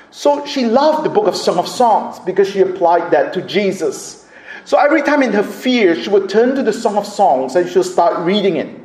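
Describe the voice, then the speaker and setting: A man's voice: high voice, darkish tone. A male preacher telling a dramatic story in a sermon, with emphatic delivery. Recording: echoey room.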